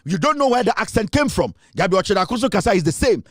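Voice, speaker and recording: Heated Ghanaian man, high voice. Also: sing-song, fast, fairly bright tone, dry recording, clean studio sound. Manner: heated, repetitive and scornful, slips into Twi. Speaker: political commentator. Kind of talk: political rant.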